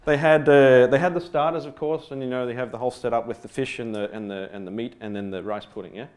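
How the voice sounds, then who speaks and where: A man's voice: medium pitch, fairly even intonation, quick pace, a little mellow. A man from Australia telling a humorous personal story in a talk, rambling with fillers, self-deprecating asides and casual swearing. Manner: rambling with many fillers and restarts. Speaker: speaker giving a stage talk.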